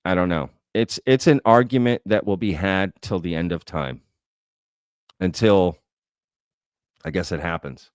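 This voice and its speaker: A man with a low-pitched voice speaks a little slowly and pauses often, recorded in clean studio quality with no room sound. He's hosting a livestream Q&A, reading chat comments and thinking aloud conversationally, often tagging his points with "right?".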